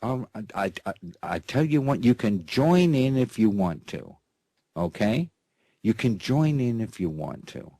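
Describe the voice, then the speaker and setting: A rambling male radio host from the United States talks slowly, in a husky, lowish voice. His pitch swings up and down a lot as he keeps checking in with his listeners. The sound is dry and close, with no room around it. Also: big pitch swings, warm tone, no room sound. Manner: rambling, constantly checking in with "okay?" and "that's right"; playful, showman-style introductions. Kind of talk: casual talk-radio monologue.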